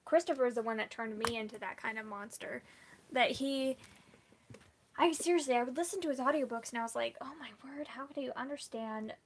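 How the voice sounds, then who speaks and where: A woman book vlogger chatting casually with her viewers, full of "like" fillers and quick laughs. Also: on the high side. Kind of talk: casual live chat with viewers.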